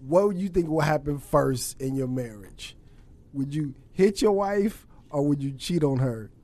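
A man co-hosts a relaxed podcast and speaks slowly. His voice sits a little high and moves a lot in pitch. He laughs often and asks short questions. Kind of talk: casual podcast chat.

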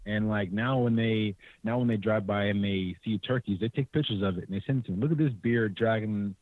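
A man's voice: fairly quick, dry recording. A young man from California telling hunting stories, acting out other people's lines in a raised voice and laughing often. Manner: animated, acts out quotes in a higher voice, laughs often. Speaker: podcast guest, hunter. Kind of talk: casual storytelling. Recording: tinny, dry remote call audio.

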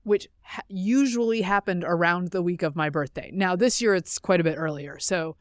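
A woman's voice: lowish voice, moderate pace, dry recording. Chatty woman podcast host, dry sound. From North Carolina and Georgia, USA. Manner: chatty, laughs easily. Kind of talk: casual chat.

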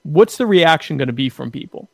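A man with a slightly high voice argues his view in a relaxed, opinionated chat. He leans hard on key words and stumbles over repeats as he begins each point. The sound is close and dry, with no room around it. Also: brisk, vocal fry, no echo. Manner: emphatic, repeats words when starting a point.

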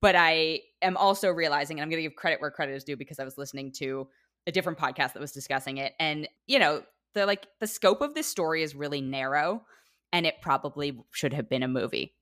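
A woman's voice: low-pitched, fast talker, a bit bright. A woman on a podcast roundtable, giving thoughtful, opinionated takes in casual chat.

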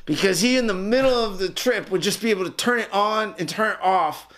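A man's voice: sits high, fairly quick, a bit bright. A young man casually telling a rambling, profane story to friends, laughing as he goes. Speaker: podcast co-host telling a story.

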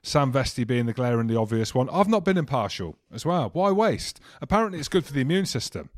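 A man's voice: mid-range voice, big pitch swings, quick pace, no room sound, clean studio sound. A man co-hosting a rugby podcast in casual chat, rambling through jokey stories. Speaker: podcast co-host.

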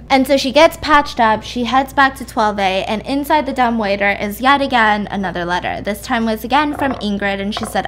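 Casual woman rambling thru a story, kinda high voice, a little hiss behind her. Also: normal speed, fairly bright tone. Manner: chatty, rambling, acts out quotes with swearing. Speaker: podcast host.

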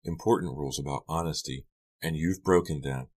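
A man voicing a stern, disappointed mother in an audiobook, with a flat, clipped delivery. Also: rumbling low, a little fast.

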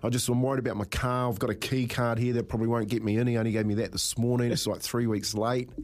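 A middle-aged man hosting a breakfast radio show, chatting casually and laughing through his own stories. His voice sits at an ordinary pitch for a man. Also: flat delivery, fast, darkish tone. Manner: laughs often, rambling anecdotes.

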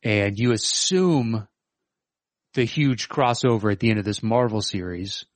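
Middle-aged male co-host, lowish voice, hesitant and thinking aloud. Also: unhurried, no echo. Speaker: podcast co-host. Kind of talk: casual chat.

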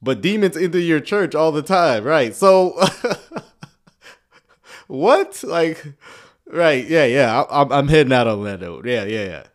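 A man's voice: fairly high pitch, animated, slow pace. A man giving sarcastic reaction commentary on video clips, with chuckling asides.

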